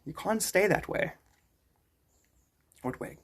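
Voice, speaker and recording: A man's voice: high-pitched, animated, slow, a bit bright. A man streaming live and chatting casually with his viewers, rambling, joking and greeting them by name. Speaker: livestreamer.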